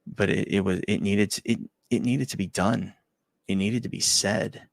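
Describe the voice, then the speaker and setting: A man hosting a talk show, telling a personal story in a halting, emotional way, often dropping to a quiet near-whisper and repeating his words. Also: on the low side, steady tone, vocal fry, no echo. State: choked up. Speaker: show host.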